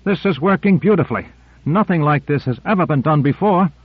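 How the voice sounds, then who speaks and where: Man doing an excited, high-pitched scientist. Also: fairly quick, breathy edge, no room sound, exaggerated voice. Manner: jubilant, urgent. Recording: narrow-band dry tape recording.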